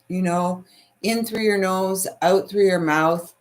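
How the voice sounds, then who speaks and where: Taking it slowly at a medium pitch, this middle-aged Canadian woman with a Canadian accent hosts a spiritual stream. She chats soothingly and casually, voicing comments sent in by viewers.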